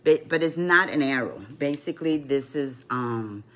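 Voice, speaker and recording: A woman's voice: a bass voice, expressive, moderate pace, slight background noise. An older woman and grandmother telling a rambling story between rune and card readings, full of "you know" asides, as a casual vlog.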